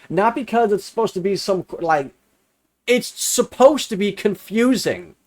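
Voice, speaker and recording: A man's voice: high-pitched, very animated, a little slow. A young adult man commenting on a viewer's comment, sarcastic and exasperated, repeating lines for emphasis. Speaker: religious commentator answering comments. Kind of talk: casual commentary reading and rebutting a comment.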